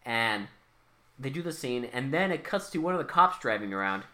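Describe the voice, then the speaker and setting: A podcast co-host in a casual movie recap chat, excitable and swearing freely with loud exclaims. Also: medium pitch, normal speed.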